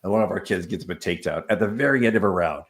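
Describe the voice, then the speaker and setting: A man's voice: low voice, very fast. A man who is an assistant wrestling coach, talking casually in an interview and telling stories full of fillers and acted-out quotes. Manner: storytelling, acts out quoted exchanges, many fillers.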